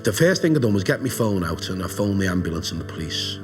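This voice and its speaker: Male witness, lowish voice, halting emotional testimony for a documentary. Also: big pitch swings, music in the background. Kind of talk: documentary interview recollection.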